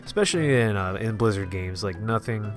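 A man hosting a casual solo podcast with a stuffy nose, talking in a halting way with lots of restarts. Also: fairly low pitch, animated, soft background music. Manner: halting, many fillers and restarts. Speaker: podcast host.

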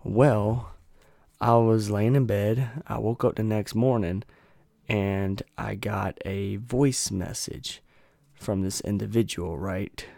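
A man's voice: lowish voice, vocal fry, mellow, no room sound. A man hosting a podcast, telling a story in a casual, sarcastic way with swearing and a laugh now and then. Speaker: podcast host.

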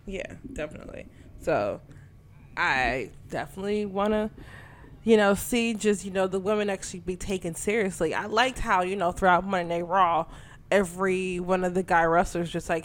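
Casual co-host, young woman; animated, outspoken, laughs easily. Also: on the low side, normal speed. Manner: animated, swearing, laughs often. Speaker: podcast co-host. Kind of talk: casual chat.

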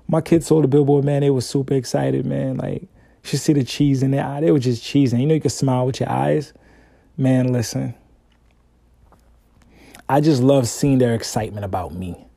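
Male podcast host with a mellow, warm tone, easygoing and slangy, casual monologue. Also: medium pitch, gravelly, no echo, studio quality. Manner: laid-back, slangy, conversational.

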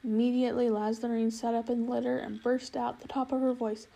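Woman, storybook narration, measured, expressive, husky, dark tone. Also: on the high side, rough recording. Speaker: audiobook reader.

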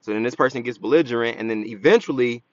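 A man's voice: medium pitch, fast talker, no echo, highs cut off. A man co-hosting a podcast, telling a story in a laid-back, joking casual chat. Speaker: podcast co-host.

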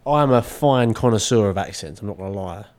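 A young English man co-hosts a casual podcast, joking and drifting into mock accents. His pitch moves a lot as he talks. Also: expressive, fast talker, a little mellow. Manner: jokey, often slips into mock accents. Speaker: podcast co-host. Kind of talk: casual chat.

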